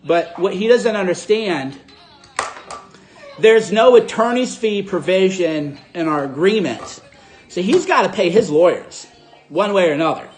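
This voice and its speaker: A man casually recounting a story to his audience, acting out both sides of an argument with animated delivery. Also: high-pitched, a little slow, faint music behind. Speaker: host.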